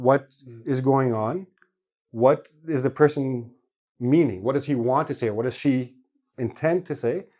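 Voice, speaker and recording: A man teaching an online English lesson, explaining patiently and demonstrating everyday sounds, sometimes slowly, sometimes quickly. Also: mid-range voice, a little mellow.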